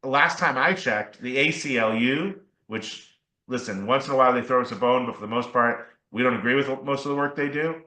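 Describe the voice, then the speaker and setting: An attorney man talks through a podcast interview and explains things earnestly, pausing to check in with his listener. His voice is bright and forceful. It rings in an echoing room. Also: mid-range voice. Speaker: attorney guest.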